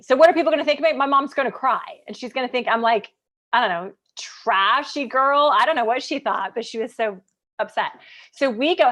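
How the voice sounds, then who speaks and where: A woman in her thirties with a higher voice, from Kansas, talking casually to her livestream viewers. She is chatty and animated, and she scatters "like" through her sentences as she tells a personal story. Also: moderate pace. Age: 30s. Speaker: business coach.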